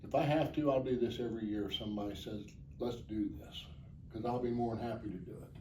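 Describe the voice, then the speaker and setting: A man's voice: mid-range voice, fast, mellow, far from the mic. A man answering interview questions as the organizer of a charity motorcycle ride, plainspoken, earnest and rambling. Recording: echoey, off-mic, faint background noise.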